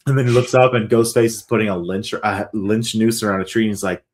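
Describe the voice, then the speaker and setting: A man co-hosting a podcast, retelling movie scenes in an animated way and acting out the lines. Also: on the low side, fast talker, few pauses, a little hiss or hum. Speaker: podcast co-host. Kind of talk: casual movie recap chat.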